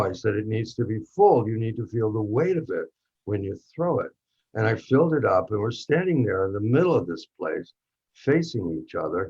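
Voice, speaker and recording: A man in a workshop reading, playing a narrator who recalls a charged night with a film actor, telling it intimately and dropping to a hush at tense moments. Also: on the low side, breathy edge, exaggerated voice. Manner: intimate, drops to hushed tones for tense moments. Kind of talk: dramatic monologue reading. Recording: dull lo-fi recording.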